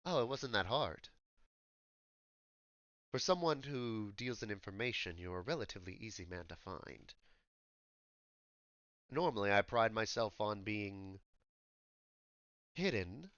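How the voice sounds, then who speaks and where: A man voicing an older male high elf spymaster, putting on a posh English accent and speaking in a measured, quiet way. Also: animated, no echo, highs cut off. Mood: suave.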